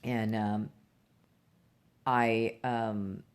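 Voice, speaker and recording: A middle-aged woman vlogger recounting a personal story in a halting way, with many fillers and restarts. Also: extremely low pitch, little pitch movement, clear, resonant tone.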